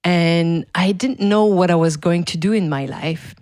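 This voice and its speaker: A woman's voice: fairly low pitch, unhurried, a little mellow, dry recording, studio quality. A middle-aged woman with a French Canadian accent, a native French speaker, hosting a podcast in a chatty, casual way with frequent small laughs. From Quebec, Canada. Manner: chatty, laughs often, self-correcting. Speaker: podcast host.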